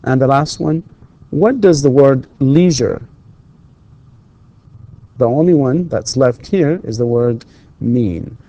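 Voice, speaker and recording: Male university English lecturer; patient, repetitive, warm low tone. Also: expressive, takes it slowly, pauses often, lo-fi sound. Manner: patient, repeats and prompts students with questions. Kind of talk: recorded classroom lecture.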